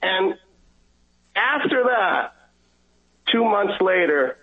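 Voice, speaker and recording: A man speaks over a thin, tinny phone line, his voice sitting a little high. He tells his story earnestly, stumbling over restarts and acting out the lines of others. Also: animated, vocal fry. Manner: earnest, halting storyteller who acts out dialogue. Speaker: guest caller. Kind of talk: telling a personal faith story.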